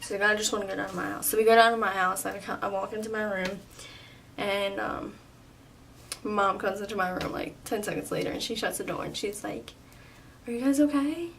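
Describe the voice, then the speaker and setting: A young woman vlogger telling a personal story in a casual, chatty way, full of "like" and quick laughs. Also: mid-range voice, flat delivery, vocal fry, fairly bright tone. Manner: chatty, lots of "like", laughs often. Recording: slightly distant, faint room noise.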